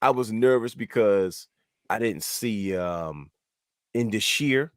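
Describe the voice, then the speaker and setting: A man with a notably deep, low voice hosts a casual wrestling chat, retelling moments with excited energy and frequent restarts. The sound is dry and close, with no room around it. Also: slow, dry recording. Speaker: wrestling podcast host.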